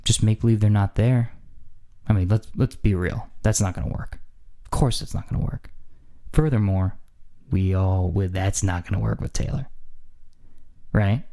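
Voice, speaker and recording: A man telling a funny story in a casual podcast chat, acting out scenes and repeating lines for effect, close to a studio mic. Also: on the low side. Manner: animated, acts out scenes, repeats phrases for effect. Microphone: studio microphone.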